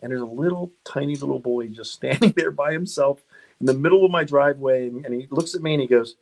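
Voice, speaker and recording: A middle-aged man chatting as a guest on a car podcast, voice sitting at an ordinary pitch. He tells his stories loosely, laughing often and tripping over restarts as he goes. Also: fast talker, vocal fry, a little mellow. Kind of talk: casual interview storytelling.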